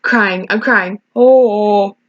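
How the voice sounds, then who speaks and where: Speaking very slowly in a mid-range voice, a teen girl vlogger delivers an emotional, rambling storytime rant and keeps restarting sentences. It's casual in tone. The recording is dry, with a dull lo-fi quality.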